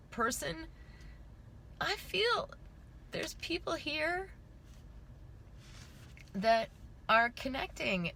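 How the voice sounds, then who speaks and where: A woman's voice: fairly high pitch, vocal fry, bright, forceful tone, slight background noise. A woman hosting an intuitive astrology live stream from inside her car, gushing and emotional, near tears at times, then leading a guided meditation.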